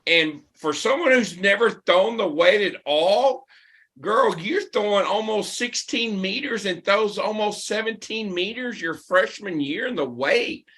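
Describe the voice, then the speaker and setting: A man hosting a podcast interview, asking eager, quick follow-up questions. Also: high-pitched, expressive, a bit bright. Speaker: podcast host.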